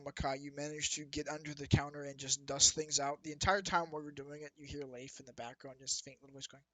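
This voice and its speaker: A man's voice: a little high, sharp tone, dry recording, rough recording. A man narrating as dungeon master in a loose, rambling way, with restarts and asides. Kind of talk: narrating a tabletop game.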